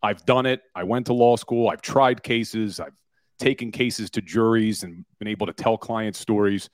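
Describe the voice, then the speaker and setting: A man's voice: on the low side, moderate pace, dry recording. A man of forty, a former lawyer turned podcaster, telling stories with energy in a casual sports talk interview. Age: 40s. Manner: energetic, storytelling, self-deprecating.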